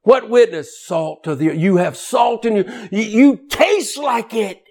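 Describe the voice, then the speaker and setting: A high-pitched man preaches a sermon, folksy and colloquial, full of jokes. He drops into quiet low asides and then climbs into loud, shouting emphasis. His tone stays down-home and conversational throughout. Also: lively intonation, unhurried. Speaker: pastor.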